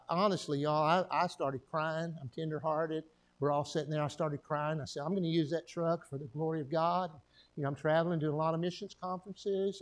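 An older man, a pastor preaching a folksy sermon and telling stories with jokes and asides. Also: a little high. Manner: folksy, joking storyteller with frequent asides.

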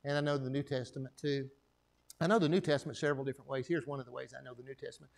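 A man's voice: mid-range voice, fairly even intonation, racing, gravelly. A middle-aged man from Texas with a Texan accent, preaching a sermon and telling his own story in a folksy way, calling for amens. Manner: folksy, calls for amens from the congregation. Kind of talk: sermon with personal testimony.

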